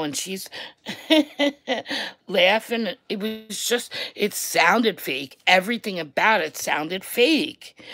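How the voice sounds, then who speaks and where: A woman with a New York accent ranting on a livestream to her viewers, loud and blunt, repeating herself for emphasis and swearing. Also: medium pitch, rough recording. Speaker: online creator.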